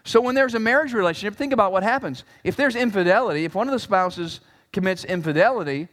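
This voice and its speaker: Animated preaching man in a reverberant hall. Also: high voice, quick pace. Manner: animated preaching, acts out scripture with emphatic voices. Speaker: pastor. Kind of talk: sermon. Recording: long reverb of a large hall.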